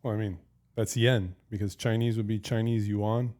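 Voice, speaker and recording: A man's voice: on the low side, steady tone, moderate pace, a little mellow. A man on a podcast crew, reading out figures in a matter-of-fact way during casual chat.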